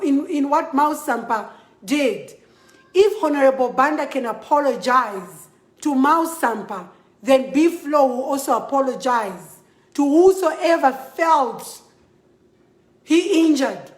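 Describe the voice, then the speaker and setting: High-voiced angry Zambian woman. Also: reverberant. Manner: emphatic, repetitive, switching between English and a local language. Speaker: model addressing followers. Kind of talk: impassioned vlog to camera.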